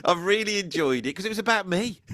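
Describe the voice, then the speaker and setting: A man hosting a casual conversation, telling animated stories and laughing often. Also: high-pitched, fast talker. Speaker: podcast host.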